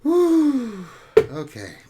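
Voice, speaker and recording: A woman's voice: a little high, wildly swooping pitch, drawn-out words, heavy background noise. A woman co-hosting a casual gaming livestream chat, laughing often and full of exclamations. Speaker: livestream co-host.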